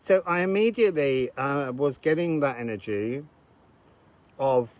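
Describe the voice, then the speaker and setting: A man's voice: medium pitch, lively intonation, a little slow, darkish tone, poor audio. A man giving a casual, meandering astrology and card reading outdoors, thinking aloud as he goes.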